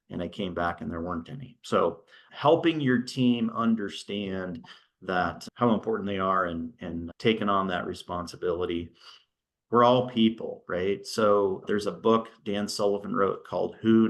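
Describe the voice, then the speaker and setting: Over a video call, a middle-aged man with a deep, slightly bright voice and moderate pace gives a relaxed talk at a virtual business workshop. He tells stories in a conversational way, regularly checking in with "right?".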